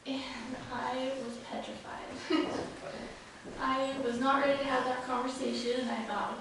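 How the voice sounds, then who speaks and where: A high, slightly gravelly young woman speaks slowly, picking her way through a eulogy with hesitations. She is caught from far off by a room mic in a funeral chapel, her voice ringing in a large echoey hall with steady background noise. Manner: halting, with frequent fillers and soft laughs. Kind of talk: unscripted eulogy.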